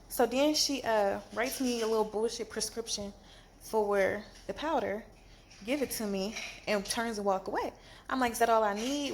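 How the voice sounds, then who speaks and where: Lady vlogging from a hospital bed, sore n fed up, faint hiss behind her. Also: fairly high pitch. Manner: animated, exasperated storytelling with slang. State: in pain after surgery. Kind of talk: casual storytime vlog.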